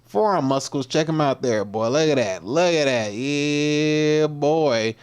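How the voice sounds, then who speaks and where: A man's voice: medium pitch, a little mellow. A man hosting a casual livestream, joking in loose slang about gym clips, then giving a pep talk. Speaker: livestream host and fitness coach.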